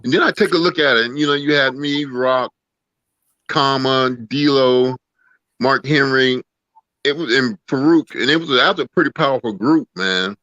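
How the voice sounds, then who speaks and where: A relaxed man in his fifties, a guest, telling stories in an easygoing drawl. He keeps calling the host "brother" and "man." His voice comes through a dull, lo-fi line with a dry, close sound. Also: medium pitch, normal speed, no echo. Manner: laid-back, drawling, calls people "brother" and "man". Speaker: guest, former pro wrestler. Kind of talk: casual storytelling interview.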